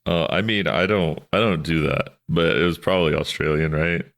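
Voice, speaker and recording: A man's voice: a bass voice, normal speed, gravelly, fairly bright tone. A man co-hosting a podcast, talking loosely about a film in a rambling, jokey way with lots of restarts. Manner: rambling, self-interrupting, jokey. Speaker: podcast co-host. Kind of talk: casual film discussion.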